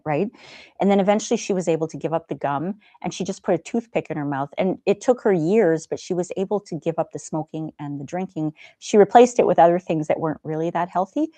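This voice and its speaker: A gentle, chatty middle-aged woman hosting a live stream, talking to viewers and laughing now and then. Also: low-pitched, no room sound. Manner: gentle, chatty, laughs often, soft asides. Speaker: live stream host reading chat. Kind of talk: casual live stream chat.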